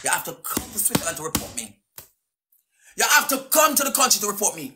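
A woman's voice: mid-range voice, very animated, quick pace, sharp tone. A woman with a Jamaican Patois accent ranting angrily on a live stream, cursing and taunting, sometimes half singing her words. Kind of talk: angry live-stream rant.

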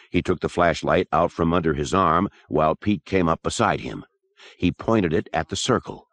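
A man narrating a horror audiobook in a steady, measured reading. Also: low-pitched, no echo.

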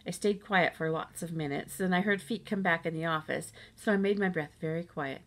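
A woman narrating a children's audiobook in a lively first-person storytelling manner. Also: fairly low pitch, brisk. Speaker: audiobook reader.

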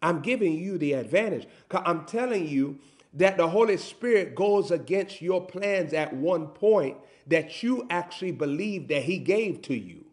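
Male preacher, higher voice, swings between shouts and hushed lines. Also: animated. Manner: rising to loud bursts then dropping low, drawn-out emphatic phrases. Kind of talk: sermon.

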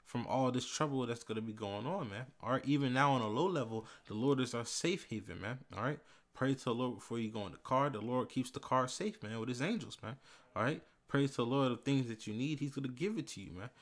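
A man giving a casual bible lesson, reading verses slowly and with emphasis, tagging phrases with "man" and "all right". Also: mid-range voice. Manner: reads scripture slowly and loudly, fillers like "man" and "all right". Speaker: bible teacher.

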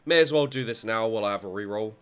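Gamer guy commentating his own match, bright punchy voice, swears a lot. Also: fairly low pitch, quick pace, clean tone. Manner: animated, swears freely, thinks aloud. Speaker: gaming channel host. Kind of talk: let's play commentary.

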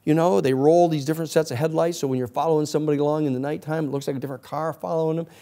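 A man's voice: fairly high pitch, fairly even intonation, rapid-fire, warm tone, close to an everyday voice. A man voicing a drunk, bragging security man. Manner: loose, bragging, peppered with "man".

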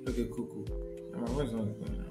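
A man's voice: medium pitch, quick pace, creaky, echoey room, loud music behind the voice. A young man, teaching a live sales session in a conversational way, repeating his key points and checking in with viewers. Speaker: sales trainer.

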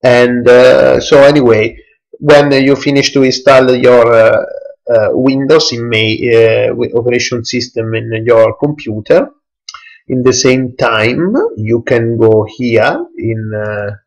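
Man, slow hesitant tutorial narrator, mouse clicks in background. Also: mid-range voice, steady tone, creaky, low-quality recording. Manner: halting non-native English, many hesitations. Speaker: tech tutorial presenter. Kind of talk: screen-recorded software tutorial.

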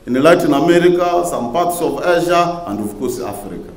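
A man's voice: fairly high pitch, animated, moderate pace. A man from Uganda, a government minister, gives an oratorical conference speech and repeats key phrases for emphasis. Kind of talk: public speech to a conference audience. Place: large conference hall. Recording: echoey conference hall.

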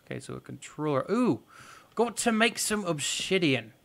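A man's voice: fairly high pitch, big pitch swings, normal speed, gravelly, fairly bright tone. A man hosting a gaming video, giving casual let's-play commentary and thinking aloud with playful, goofy exclamations.

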